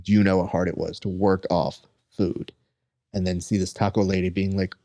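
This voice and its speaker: A young adult man hosting a podcast, chatting casually and telling lively stories, acting out the people he quotes. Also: low-pitched, moderate pace. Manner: animated storyteller who acts out quoted people. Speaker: podcast host. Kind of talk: casual chat.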